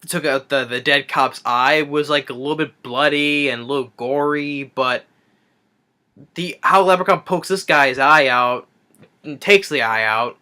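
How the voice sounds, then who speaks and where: A man's voice: a little high, unhurried, sharp tone, clean tone. A man giving a rambling, sarcastic movie review rant, recapping the plot with frequent restarts.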